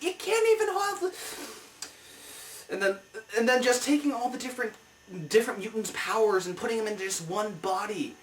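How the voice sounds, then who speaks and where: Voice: mid-range voice, expressive, moderate pace, recorded from a distance, a little hiss or hum. A comic review show host rants through a movie review, heated and exasperated. The voice sits back from the mic in a roomy, echoing space.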